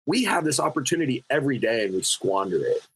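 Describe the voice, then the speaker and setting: A man who is a podcast guest, telling stories in an animated, spiritual way with many fillers, in casual conversation. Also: mid-range voice, fast talker, breathy edge, rough recording.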